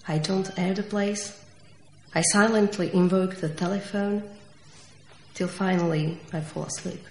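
A woman's voice: on the low side, fairly even intonation, darkish tone. Central Eastern European woman reading poetry. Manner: slow, measured reading with dramatic stresses. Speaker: poet. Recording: echoey room with faint noise.

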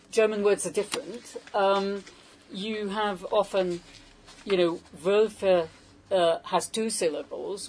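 A woman who translates poetry leads a salon, giving an informal, hesitant talk to a small audience and peppering the room with questions. Her voice is medium-pitched and darkish, on a rough recording with slight background noise.

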